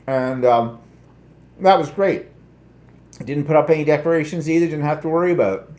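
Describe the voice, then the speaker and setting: A man's voice: a little high, normal speed, darkish tone. Chatty Canadian man, casual rambling. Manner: chatty, rambling and self-mocking. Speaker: host. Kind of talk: casual chat.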